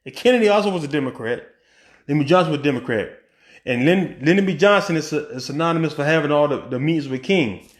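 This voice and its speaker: A man's voice: a little high, animated, quick pace, reverberant. A man giving a casual opinion monologue on a political commentary podcast, asking rhetorical questions and often restarting his sentences with ums.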